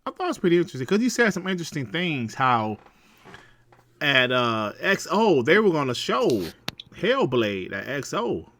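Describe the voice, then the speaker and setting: A man hosting a casual gaming podcast, talking in a lively, slangy way and laughing easily. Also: on the high side, moderate pace, a little hiss or hum. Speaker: podcast host.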